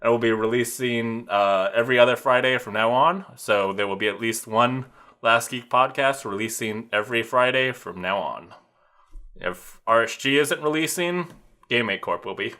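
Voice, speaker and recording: A man's voice: mid-range voice, moderate pace, pushed and bright. A man hosting a podcast in casual chat, rambling through jokey plugs and announcements. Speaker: podcast host.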